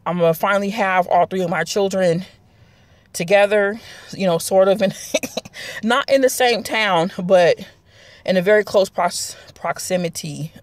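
A woman's voice: medium pitch, a little slow, dry recording. A woman, chatting casually to her viewers in a rambling vlog. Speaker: vlogger. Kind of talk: casual chat to camera.

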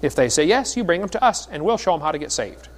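A man's voice: fairly high pitch, sing-song, quick pace. A middle-aged man preaching a sermon in a folksy storytelling way, with jokes between the stories. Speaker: creationist speaker.

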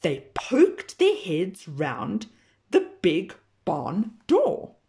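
A woman teacher reading a children's picture book aloud in a slow, expressive storytelling manner. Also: lowish voice, gravelly.

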